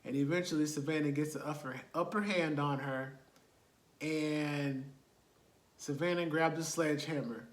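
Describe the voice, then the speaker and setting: A man's voice: fairly high pitch, fairly even intonation, normal speed, echoey room. A man, casually retelling a movie plot with laughs and rhetorical asides. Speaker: movie reviewer.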